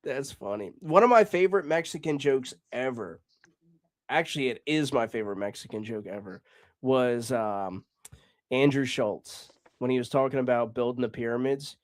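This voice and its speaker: A man's voice: medium pitch, normal speed, no echo, studio quality. A man hosting a casual comedy podcast, laid-back, laughing often and swearing freely. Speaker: podcast host.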